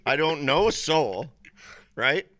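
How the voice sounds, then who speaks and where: Animated, bright-voiced middle-aged man. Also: fairly high pitch, takes it slowly. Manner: animated, laughs often, acts out quoted voices. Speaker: interview guest, musician. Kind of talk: casual storytelling.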